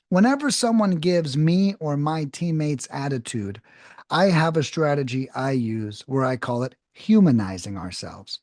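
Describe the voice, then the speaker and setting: A man in his thirties gives a cold calling lesson in a direct, coaching manner, often pausing to ask "okay?". His voice sits a little high for a man and moves around a lot in pitch. The sound is close and dry, with no room echo. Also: darkish tone. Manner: direct, coaching, frequent "okay?" check-ins. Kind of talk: casual instructional talk.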